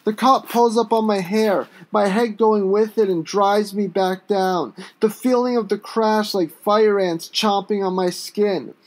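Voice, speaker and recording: A man reading his own first-person story aloud, with an intense, raw delivery that breaks into sudden shouts. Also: high voice, fairly even intonation, a little slow, hardly any pauses.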